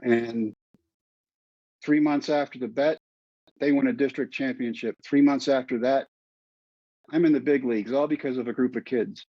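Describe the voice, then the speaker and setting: A man's voice: medium pitch, steady tone, moderate pace, long pauses, mellow, no room sound, dull audio. A middle-aged man, a podcast guest, telling his story earnestly and repeating phrases for emphasis.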